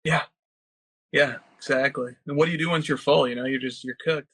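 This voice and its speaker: A man's voice: mid-range voice, fairly even intonation, brisk, sharp tone, breathy edge, no echo, low-quality recording. A man co-hosting a casual podcast chat, wry and talkative, reading out listener questions. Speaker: co-host of a collecting podcast.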